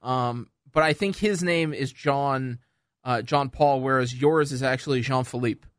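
Deadpan male co-host, mid pitch, close dry mic. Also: unhurried, no room sound. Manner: deadpan ribbing. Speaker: radio co-host. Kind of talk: casual studio banter. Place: radio studio.

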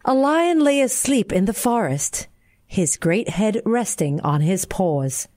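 A woman with a Singaporean accent reading a bedtime fable aloud in a gentle, expressive way. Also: mid-range voice, takes it slowly. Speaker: narrator.

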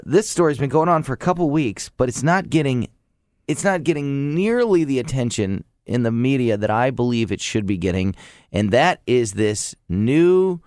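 Earnest talk show host, dry close sound. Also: male voice, medium pitch, darkish tone, clear, resonant tone, no room sound.

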